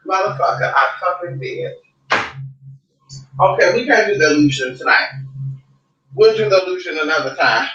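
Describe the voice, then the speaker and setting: A woman's voice: lowish voice, expressive, moderate pace, pauses often, highs cut off, background noise. A woman vlogging at home, chatting to her viewers in a sassy, profane way and calling them girl and honey. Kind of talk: casual chat to camera.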